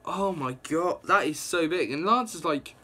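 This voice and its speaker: A young man with a slightly high voice, talking through a comic in an excitable, rambling way. He piles on "like" and reacts aloud as he recaps, as casual as chatting with a friend. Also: moderate pace. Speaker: comic book reviewer.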